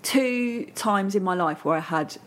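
A woman's voice: medium pitch, animated, a little slow. A northern English woman chatting as a podcast guest, telling stories with plenty of fillers and restarts. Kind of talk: casual chat.

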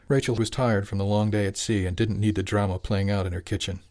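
A man narrating an audiobook in an even, measured storytelling voice. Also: fairly low pitch.

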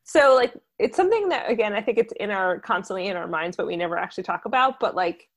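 A woman with a New Jersey accent, co-hosting a podcast in casual chat, lively and full of fillers. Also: medium pitch, quick pace. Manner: chatty, lively storytelling with many fillers. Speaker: podcast co-host.

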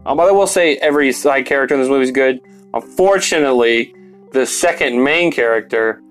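A young man giving a casual movie review, rambling and full of fillers, swearing now and then. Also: medium pitch.

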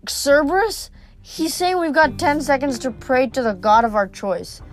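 A woman reading aloud, voicing a nervous young satyr boy who speaks haltingly. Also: sits high, animated, voice pushed up. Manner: hesitant, halting.

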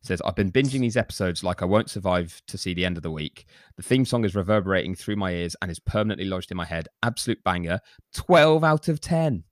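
A man's voice: deep voice, fast talker, few pauses, no room sound. A man co-hosting a casual chat podcast, teasing his friends in a dry way. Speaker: podcast co-host.

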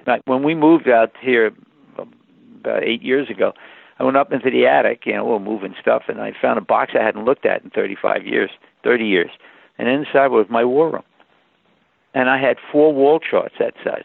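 An older man tells stories as a guest, his low voice deeply gravelly and husky. The sound is tinny and narrow like a phone line, and dry with no room around it. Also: dry recording. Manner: animated anecdotes with laughter. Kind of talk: storytelling interview.

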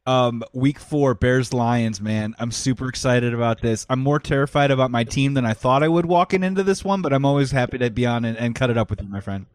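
Calm, soothing male podcast guest. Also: medium pitch, fairly quick, hardly any pauses, clear, resonant tone, no room sound. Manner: calm, soothing mock-therapist tone. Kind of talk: casual sports podcast chat.

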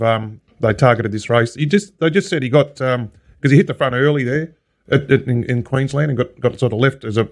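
An Australian man chatting on a racing podcast, rambling and repeating himself as he tells stories. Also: medium pitch. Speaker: podcast co-host. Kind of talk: casual storytelling chat.

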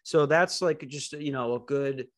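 A man's voice: medium pitch, measured pace. A man hosting a casual podcast over a video call, teasing and crude with his guests. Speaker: podcast host.

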